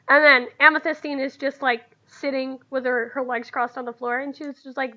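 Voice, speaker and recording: Woman dungeon master, high bright voice, rambling narration, lo-fi sound. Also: little pitch movement, moderate pace, hardly any pauses. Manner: rambling, repeating filler phrases. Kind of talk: narrating a tabletop game.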